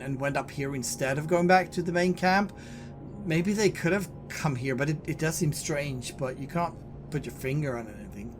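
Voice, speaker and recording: A man narrating a tabletop horror game as game master, speaking English as a second language, halting and repeating words as he goes. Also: fairly high pitch, a little hiss or hum. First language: Swedish.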